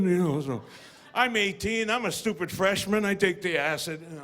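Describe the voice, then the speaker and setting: A man performing a stand-up comedy routine, telling stories and acting out voices with deadpan punchlines. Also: high-pitched, normal speed. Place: comedy stage with live audience. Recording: live audience, noisy room.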